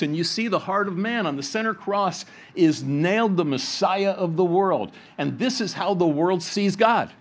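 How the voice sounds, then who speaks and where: A man preaching a sermon, reading scripture and explaining it, dropping low and soft for quoted words and rising for emphasis. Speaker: pastor.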